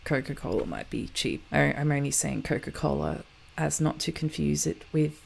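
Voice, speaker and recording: A woman's voice: low voice, moderate pace, gravelly, husky. A woman hosting a geography show, chatting casually over map footage and often correcting herself.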